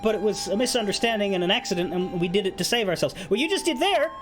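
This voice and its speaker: A man's voice: high voice, expressive, moderate pace, music in the background, pitched above the performer's own voice. A man voicing a panicked young male strategist who stammers and curses in disbelief. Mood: horrified. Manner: stammering, cursing.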